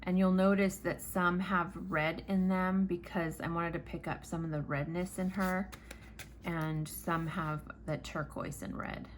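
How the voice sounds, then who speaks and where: Chatty woman vlogger, lower voice, rambling and animated story, a little room noise behind. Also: a little slow. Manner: rambling, animated, casual swearing. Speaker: planner vlogger. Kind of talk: chatty storytelling while crafting.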